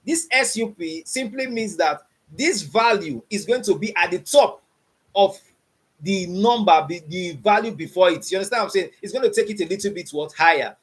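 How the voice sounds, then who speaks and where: Teaching beginner coding over the internet, this man has a high, expressive voice and a moderate pace. He checks for understanding again and again with "you understand what I'm saying?" and quizzes his students by asking "what?"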